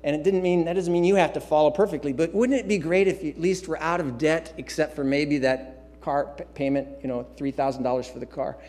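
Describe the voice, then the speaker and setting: A male pastor delivers a sermon in a church, his voice pitched a bit higher than most men's. He preaches emphatically, repeating key phrases, and drops in casual asides. A long reverb trails his words through the hall. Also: fairly quick, few pauses, darkish tone. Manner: repetitive, emphatic preaching with asides and filler sounds. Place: church sanctuary.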